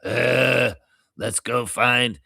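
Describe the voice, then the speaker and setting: A man doing a mocking impression of a team executive, in a put-on gruff bad-guy voice, raspy like a heavy smoker. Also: mid-range voice, fairly even intonation, very slow, pushed and bright, no echo, clean studio sound, full character voice. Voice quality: gravelly put-on voice, raised.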